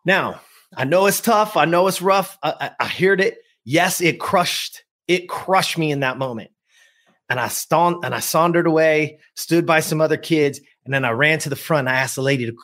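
A man's voice: fairly high pitch, brisk, fairly bright tone. A man in his fifties from the US West Coast, a coach telling a personal story with emphasis and speaking straight to his listeners. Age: 50s. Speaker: guest, productivity coach.

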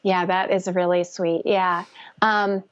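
A woman guest speaking gently and earnestly about spiritual connection, with frequent restarts. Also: on the low side, level tone, slow pace, dry recording, highs cut off. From Northern California. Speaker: guest, conception coach. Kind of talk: casual interview talk.

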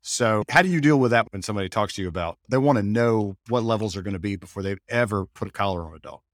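Brief: male host, fairly low voice, dry close mic, easygoing storyteller. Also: quick pace, dry recording. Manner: relaxed, tells anecdotes, asks guiding questions. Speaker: podcast host, dog trainer. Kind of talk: casual podcast discussion.

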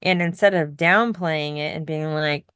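A middle-aged woman co-hosting a podcast, telling a story in casual chat with soft laughs. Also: sits low, measured pace, clean tone, dry recording, studio quality. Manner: reflective, storytelling, laughs softly between points. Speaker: podcast co-host.

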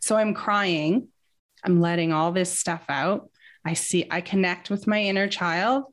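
A woman's voice: lowish voice, a little slow. A woman talking as a guest in a casual interview, telling a personal story in an earnest, reflective way.

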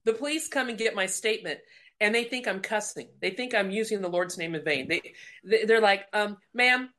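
With a mid-range voice and slightly fast delivery, a middle-aged woman from Colorado guests to tell a personal story of faith, animatedly acting out each quote's voice.

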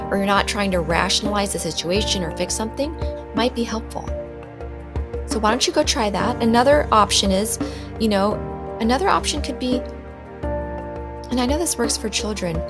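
A woman's voice: medium pitch, moderate pace, over music. A middle-aged woman who works in pediatric radiology, talking casually and acting out the voices she quotes. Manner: chatty and animated, acts out quoted voices. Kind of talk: casual monologue.

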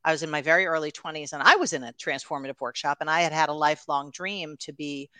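A woman in her fifties from New York, a guest coach telling stories in an animated, chatty podcast conversation. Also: deep voice, quick pace, no room sound. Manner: animated storyteller, laughs easily.

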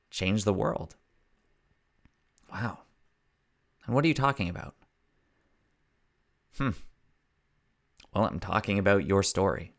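Male podcast host and story coach, low, gravelly voice, earnest and preachy, repeats key lines for emphasis. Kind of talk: motivational podcast monologue.

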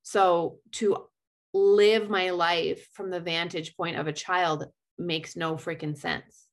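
A woman's voice: on the low side, little pitch movement, slow. Earnest rambling woman in her forties. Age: 40s. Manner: earnest, rambling with frequent "like" and restarts. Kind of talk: casual conversational chat.

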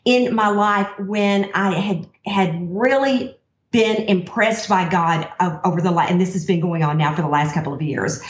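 A woman's voice: fairly low pitch, normal speed, muffled recording. Effusive woman guest on a distant roomy line. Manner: warm, effusive, laughs often. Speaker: guest author.

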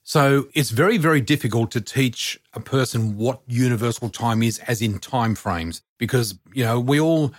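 Earnest man in his sixties, medium-pitched and speaking right into a dry, close mic, podcast guest who turns to the audience with heartfelt encouragement. He talks about spiritual matters in a steady, sincere way. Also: moderate pace, few pauses, dry recording. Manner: earnest, encouraging, addresses listeners directly. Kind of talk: casual podcast chat.

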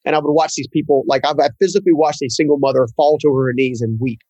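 Husky-voiced man telling an earnest story. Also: a little high, mellow, no echo, dull audio. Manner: earnest, halting, repeats words. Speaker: guest. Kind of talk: personal storytelling in an interview.

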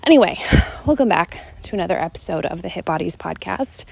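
A woman's voice: lowish voice, lively intonation, fairly quick, gravelly, a little mellow, husky. Breathless woman chatting on a walk. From Seattle, Washington, USA. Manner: chatty, rambling, many "like" fillers. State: slightly out of breath. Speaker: podcast host and fitness coach. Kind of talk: casual solo podcast chat. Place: outdoors on an evening walk.

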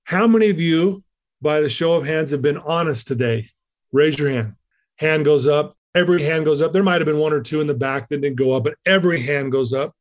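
A man's voice: fairly high pitch, a little fast. A middle-aged man telling a story as a podcast guest, acting out his own quotes with animation. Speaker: guest speaker.

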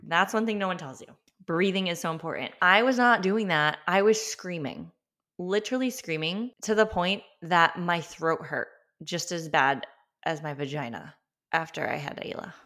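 Lower-voiced young mom sharing candidly. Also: female voice, normal speed, fairly bright tone. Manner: chatty, many filler words; emotional, openly honest. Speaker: podcast host. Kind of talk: candid personal storytelling.

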